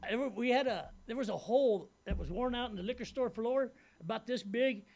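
A middle-aged man with a high, gravelly voice tells his life story in a loose, rambling way. He repeats his words as he goes and keeps asking if you know what he means. He grew up in Ventura County, California. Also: fairly quick, a little mellow. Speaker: speaker sharing his recovery story. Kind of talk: personal testimony.

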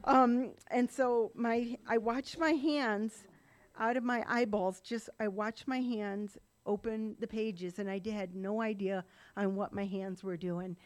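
A woman's voice: mid-range voice, steady tone, unhurried. A middle-aged woman sharing her personal recovery story in a rambling, run-on way, with laughing asides. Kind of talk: personal testimony talk.

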